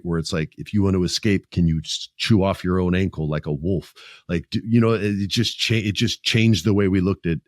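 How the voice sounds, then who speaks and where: A man in his forties hosting a casual podcast, talking in an animated, profane way and acting out the people he quotes. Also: sits low, no echo, clean studio sound. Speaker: podcast host.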